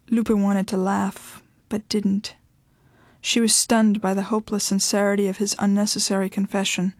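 A woman narrating a story with an even, measured reading. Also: medium pitch, no echo. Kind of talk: audiobook narration.

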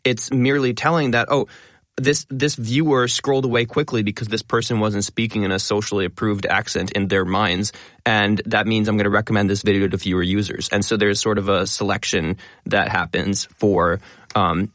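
A man talking as a guest in a casual interview, explaining in a quick, eager way. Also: on the low side, little pitch movement, a bit bright, no echo, clean studio sound. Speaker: guest, linguist and educational video creator.

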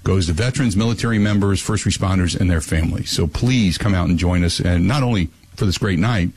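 A man's voice: low voice, brisk, darkish tone, slightly rough, low-quality recording. A man hosting a sports talk radio show, ranting with emphatic repetition.

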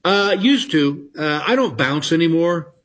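A middle-aged man, a comedian telling stories in an interview, halting and self-deprecating. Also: on the high side, expressive, a bit bright, a little hiss or hum. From Texas. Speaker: comedian guest. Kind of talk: casual interview chat.

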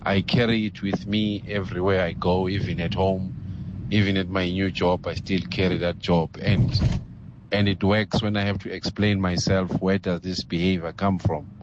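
A man with a South African accent leaving a slow, deliberate voice note for a radio show. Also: low-pitched, little pitch movement, lo-fi sound, noisy background. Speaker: caller.

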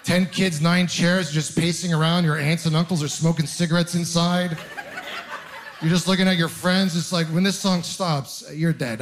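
Self-deprecating stand-up comedian, fairly high voice. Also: male voice, moderate pace, a little hiss or hum. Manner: self-deprecating storytelling, animated asides to the audience. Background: audience laughter.

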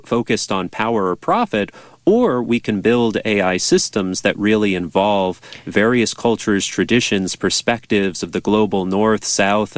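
A man, a priest and bioethics professor, answering interview questions in a measured, thoughtful way. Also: sits low, no room sound. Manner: measured, thoughtful, with some restarts. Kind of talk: explaining in a radio interview.

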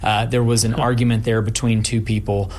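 A man giving a TV news report in a measured broadcast delivery. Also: lowish voice, level tone, darkish tone.

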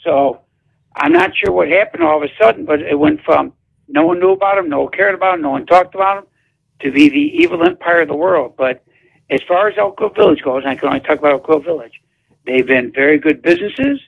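A man's voice: high-pitched, huge pitch swings, brisk, gravelly, husky, narrow, tinny audio. A man, a town mayor calling in to a radio show, answering bluntly and emphatically. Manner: blunt, emphatic, dismissive of controversy. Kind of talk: radio phone interview.

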